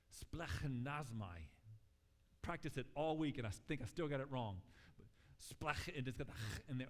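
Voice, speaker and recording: A man preaching a sermon in a church sanctuary, his fairly high voice carrying a long reverb through the hall. He talks casually and with animation, acting out quotes as he tells stories. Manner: conversational, animated storytelling with acted quotes. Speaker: pastor.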